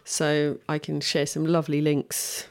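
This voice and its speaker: A woman's voice: sits low, monotone, unhurried. A woman in casual conversation as a podcast co-host, talking earnestly and thinking aloud with frequent restarts.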